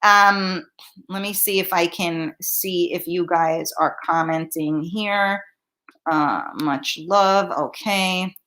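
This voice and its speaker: On her home livestream, a woman reads comments aloud and chats with viewers in a blunt, profane way, using her laptop's microphone. The voice is on the low side and a bit bright, slow, with fairly even intonation.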